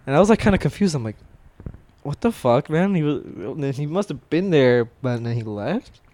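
A man's voice: on the high side, animated, moderate pace, darkish tone. A man in casual chat, rambling through work stories with plenty of swearing and frequent laughter. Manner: rambling storyteller, swears a lot, laughs often. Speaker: warehouse worker telling stories.

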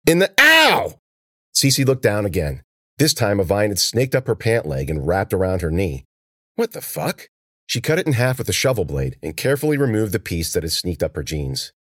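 A man reading a story aloud as a narrator, expressive and lively in his delivery. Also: sits low, brisk, dry recording, studio quality. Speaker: audiobook narrator. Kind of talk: scripted narration.

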